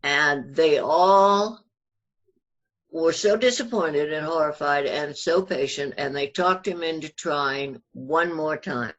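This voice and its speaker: A speaker telling a backstage anecdote in an unhurried, earnest way. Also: medium pitch. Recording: dull lo-fi recording.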